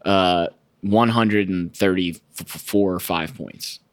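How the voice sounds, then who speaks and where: A man's voice: low voice, slow pace. A man co-hosting a podcast in casual chat, joking around and laughing often. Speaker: podcast co-host.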